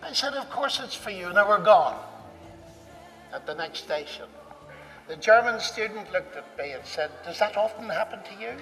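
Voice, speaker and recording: A man with a higher-than-usual voice recounts a personal anecdote, lively and acting out each exchange. He sounds set back from the microphone, with a long echo trailing his words around a large hall. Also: moderate pace. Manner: animated, acts out dialogue. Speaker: speaker recounting a personal story. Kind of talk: anecdotal storytelling talk. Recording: distant mic in a reverberant hall.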